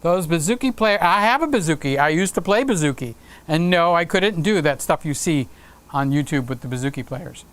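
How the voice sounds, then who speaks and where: A man's voice: on the high side, animated, brisk, fairly bright tone, smooth. A man hosting a live stream, chatting casually and playfully with viewers and reading out their comments. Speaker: livestream host.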